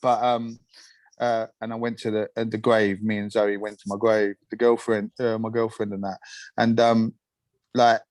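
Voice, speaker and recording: A man's voice: on the low side, little pitch movement, dry recording, rough recording. Open-hearted young man, dry sound. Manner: open, halting, repeats himself. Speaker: guest. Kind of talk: casual interview chat.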